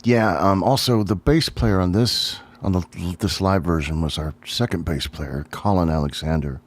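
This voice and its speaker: Deep-voiced man reminiscing with many ums. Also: moderate pace. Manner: rambling, reminiscent, thinks aloud with many ums. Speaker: drummer looking back on his old band. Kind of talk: casual solo livestream talk.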